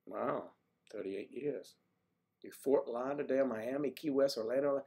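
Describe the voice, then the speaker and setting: With a mid-range, slightly mellow voice and a somewhat slow pace, an older man from the US East Coast rambles chattily on his livestream. He reads out viewer comments and greets people by name.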